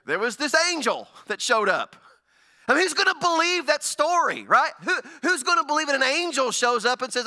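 A pastor preaches in a strikingly high, bright voice. He tells the story animatedly, slipping into the people he describes. His delivery is a lively, conversational sermon. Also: moderate pace. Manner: animated storytelling, acting out characters.

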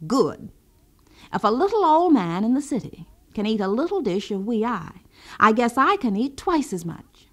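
A woman's voice: on the high side, sing-song, normal speed. A woman storyteller voicing Uncle Bouqui, a sly, hungry folk-tale man who talks politely but turns irritable. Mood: eager. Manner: polite, then irritable and impatient. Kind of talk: storybook reading.

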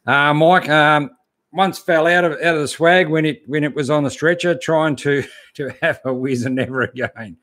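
A man in his fifties with an Australian accent, hosting a casual live stream and answering viewer comments in a relaxed way, with lots of fillers. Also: on the high side, normal speed. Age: 50s. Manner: easygoing, lots of fillers and "mate". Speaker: channel host reading live chat.

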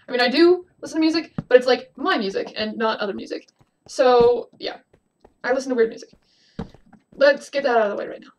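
Young woman, high bright voice, jumpy let's-play talker, faint hum behind her. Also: a little fast, poor audio. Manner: jumpy, exclaiming, talks to game creatures. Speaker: gaming video creator. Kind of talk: casual let's-play commentary. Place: home room at a desk. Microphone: desk webcam mic.

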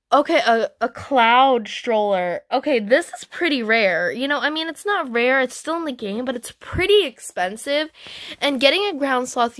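A woman hosting a gaming channel, chatting excitedly as she trades in a game, with frequent gasps and squeals. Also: fairly high pitch, no echo, clean studio sound. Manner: chatty, talks to viewers and other players. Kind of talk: playing a trading game while commenting casually.

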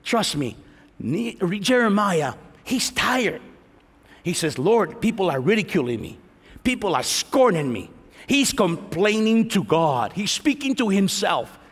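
A man pastor preaching a sermon to a congregation in a large church, animated, acting out prayers and teasing the listeners. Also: high-pitched. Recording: long reverb of a large hall.

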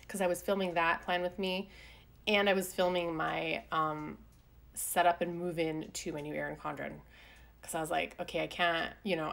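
A woman's voice: on the low side, vocal fry. A young woman chatting casually through a voiceover about her week, rambling with lots of fillers. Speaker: planner vlogger. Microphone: desk mic voiceover.

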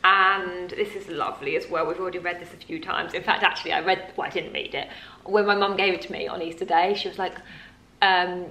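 A woman's voice: lowish voice, fairly even intonation, fairly quick, sharp tone, roomy sound, a little hiss or hum. A young woman chatting casually to camera at home, a mum talking in a gushing, rambling way with lots of fillers. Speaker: mum vlogger.

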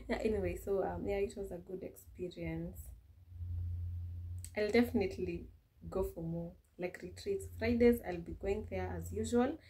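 Chatty Kenyan woman vlogger, mellow voice. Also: mid-range voice, takes it slowly, pauses often. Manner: chatty, laughs often, many restarts. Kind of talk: casual vlog chat.

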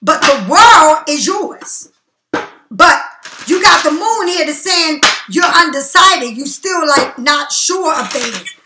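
A woman's voice: high-pitched, animated, slow, noisy background. A woman giving a tarot reading in a blunt, profane, preachy and emphatic way. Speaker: tarot card reader. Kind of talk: casual tarot reading monologue. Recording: echoey room.

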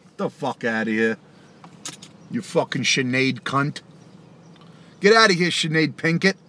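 A man's voice: mid-range voice, animated, unhurried, pushed and bright. A man who raps, hosting a casual live stream and ranting back at viewers' comments, profane and taunting, laughing often. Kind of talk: casual live-stream rant answering chat.

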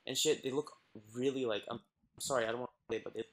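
A man's voice: medium pitch, fairly even intonation, fast. Man pleading on a played livestream clip. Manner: pleading, self-pitying.

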